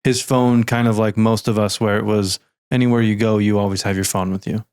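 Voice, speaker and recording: A man with a fairly low voice hosts a podcast and asks brief, gentle questions at a quick pace. The recording is close and dry, with no room echo. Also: flat delivery, clear, resonant tone. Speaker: podcast host. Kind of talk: interview questions.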